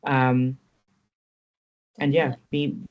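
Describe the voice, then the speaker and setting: A woman speaks as a podcast guest, sharing her experience in an earnest, candid way. Her tone is reflective and sincere, and she pauses now and then to find her words. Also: extremely low pitch, little pitch movement, lo-fi sound. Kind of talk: personal account in interview.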